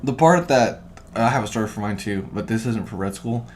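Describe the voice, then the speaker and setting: A man co-hosting a podcast in casual chat, rambling and swearing, getting loud when he retells what people said. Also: on the low side, lively intonation, fairly quick, slight background noise. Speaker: podcast co-host.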